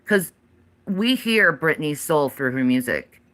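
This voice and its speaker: A woman's voice: deep voice, expressive, takes it slowly, fairly bright tone. A woman in her forties, ranting on a livestream, swearing heavily in a defiant, emphatic way. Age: 40s. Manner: heavy profanity, defiant and emphatic.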